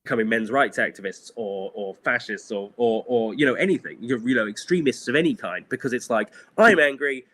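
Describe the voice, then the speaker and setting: A man's voice: medium pitch, brisk, hardly any pauses, fairly bright tone. A middle-aged man, a guest animator, talking candidly in a casual interview, rambling with many fillers and frequent laughs.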